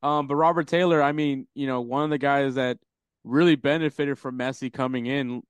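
A man's voice: medium pitch, steady tone, normal speed, clean tone, dry recording. A man co-hosting a podcast, rambling casually about soccer, swearing freely and laughing often. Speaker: podcast co-host.

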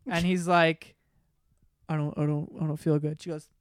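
Young man telling crude stories, crisp. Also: a little high, normal speed, no echo, clean studio sound. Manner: crude, animated storyteller, laughs while telling. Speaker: podcast host. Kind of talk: casual storytelling among siblings.

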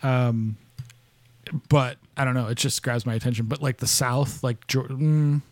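Man, from upstate New York, podcast host, rambling casual chat, swears often, mid pitch, dry sound. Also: fairly even intonation, a little slow, darkish tone, dry recording.

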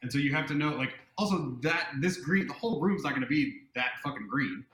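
A man hosting a casual podcast, animated and laughing as he mocks himself. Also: fairly high pitch, brisk, crowd noise. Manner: animated, laughing, self-mocking. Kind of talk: casual chat. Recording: roomy echo.

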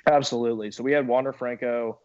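A man's voice: fairly low pitch, fairly even intonation, moderate pace, dry recording, dull audio. A young man talking casually as a guest, laid-back and laughing often, with many fillers. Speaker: minor league baseball pitcher, guest. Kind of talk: casual podcast chat.

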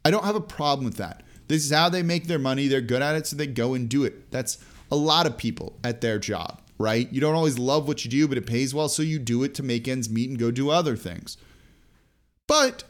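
A man's voice: medium pitch, fairly quick. A man hosting a sports podcast, talking casually through his analysis and asking the listener rhetorical questions. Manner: conversational, asks rhetorical questions. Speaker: podcast host. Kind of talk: sports podcast talk and ad read.

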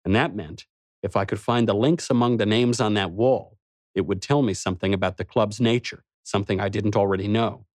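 A man's voice: lowish voice, a little fast, dry recording, clean studio sound. A man narrating a first-person story in a wry, snarky manner. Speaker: audiobook narrator.

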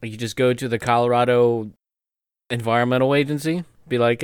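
A man's voice: mid-range voice, fairly even intonation, a little fast, clean tone, no room sound, clean studio sound. A man co-hosting a casual comedic chat, incredulous and stammering when puzzled.

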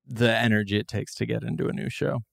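A man hosting a podcast, joking with deadpan asides and frequent laughs. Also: fairly low pitch, fast, gravelly, dry recording, studio quality. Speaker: podcast host. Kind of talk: casual podcast chat.

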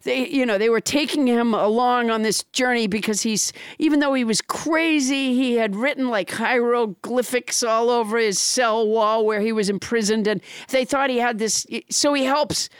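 A woman co-hosting a casual podcast, talking about a film in a halting way with many restarts. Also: fairly high pitch, smooth, no room sound, studio quality. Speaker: podcast co-host. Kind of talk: casual movie discussion.

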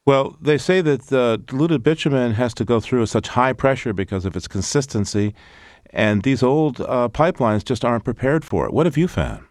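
A man's voice: medium pitch, lively intonation, moderate pace, darkish tone, dry recording, clean studio sound. A man hosting a radio interview, asking questions in a conversational way. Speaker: radio show host.

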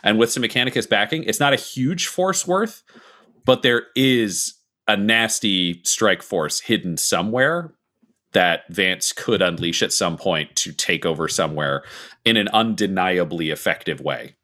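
A man's voice: lowish voice, expressive, measured pace, pushed and bright. A man running a tabletop game as game master, explaining setting details at length and asking the players for their actions. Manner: detailed, explanatory lore talk.

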